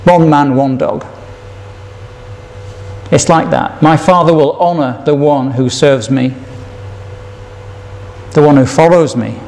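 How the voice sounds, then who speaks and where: A man's voice: fairly high pitch, takes it slowly, pauses often, darkish tone. A man preaching a sermon, reading scripture aloud and putting questions to his listeners.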